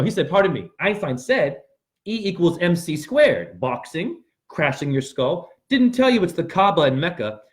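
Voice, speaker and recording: A man hosting a rambling motivational monologue, talking straight to his viewers and breaking into sudden yelps and shouts. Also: fairly high pitch. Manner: addresses viewers directly with frequent "right?". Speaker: spiritual video host.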